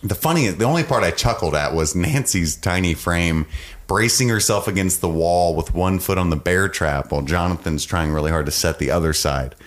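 A man's voice: deep voice, moderate pace. A man co-hosting a podcast, recapping a show in casual, joking chat and acting out scenes. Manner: animated, joking, acts out scenes. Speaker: podcast co-host.

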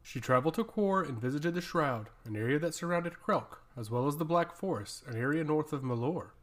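A man narrating a fantasy story in a steady, even storytelling way. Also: on the high side, brisk. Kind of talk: scripted fantasy audiobook narration.

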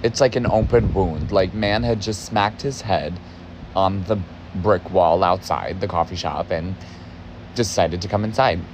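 Telling a story with plenty of cursing for emphasis, a former barista turned podcast host sounds casual yet agitated. He speaks unhurriedly in a low-pitched voice, and there's a little hiss or hum in the background.

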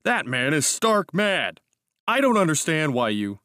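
A man's voice: mid-range voice, expressive, normal speed, fairly bright tone, no echo, clean studio sound, lightly acted. A man voicing a brash, breezy young male cavalry officer who speaks in a hearty, impatient way.

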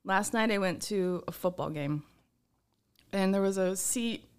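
A woman's voice: medium pitch, unhurried, clear, resonant tone. A young woman on a podcast, chatting casually and laughing at herself as she talks. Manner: giggly, self-mocking, often laughing through her words. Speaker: podcast co-host. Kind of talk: casual chat.

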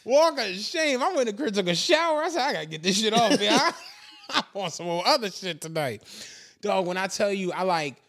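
A man's voice: high-pitched, sing-song, fairly quick, a bit bright. A man co-hosting a podcast, telling a long story in casual chat, laughing often and acting out the voices of people he quotes. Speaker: podcast co-host.

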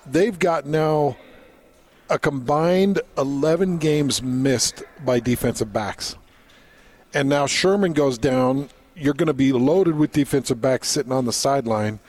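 Male sports radio co-host, loose and jokey, storyteller. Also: on the high side. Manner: joking, storytelling, animated. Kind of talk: casual sports radio chat.

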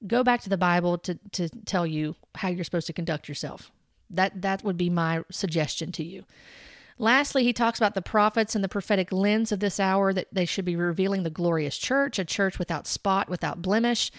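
A woman's voice: lowish voice, fairly quick, dry recording, studio quality. A woman giving an earnest, corrective Bible commentary, citing chapter and verse and speaking straight to her viewers. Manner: addresses viewers directly. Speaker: Christian commentator.

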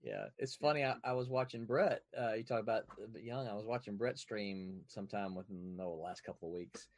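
A man hosting a casual gaming chat, easygoing and quick to chuckle. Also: on the low side, darkish tone, no room sound. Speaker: podcast host.

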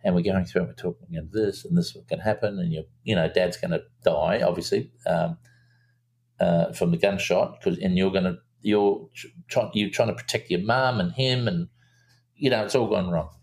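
A low, gravelly man tells a story in a relaxed interview. He talks animatedly, stops and restarts often, and jumps higher when he acts out what people said. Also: normal speed. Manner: animated storyteller, acts out quotes in a raised voice, many fillers and restarts. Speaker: film director guest.

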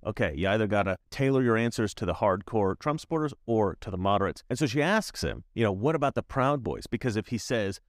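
A man giving opinionated commentary as a YouTuber, emphatic and repetitive, with animated asides. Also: lowish voice, fast, hardly any pauses, no echo, clean studio sound.

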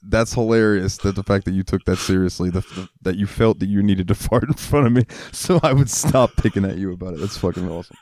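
Deep-voiced laid-back man telling crude stories. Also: quick pace, hardly any pauses, darkish tone, no room sound, studio quality. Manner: laid-back, crude storyteller, laughs easily. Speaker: podcast co-host. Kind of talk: casual chat.

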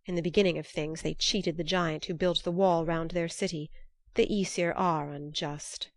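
A woman's voice: fairly low pitch, fairly even intonation, moderate pace, no echo, clean studio sound, lightly acted. A woman reading as a raging greedy dwarf. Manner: shouting, bitter.

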